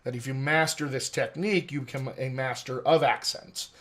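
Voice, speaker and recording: A man's voice: medium pitch, fairly even intonation, normal speed. An American man, an accent coach, explaining his teaching method methodically in an interview. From United States. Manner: articulate, methodical, lecturing.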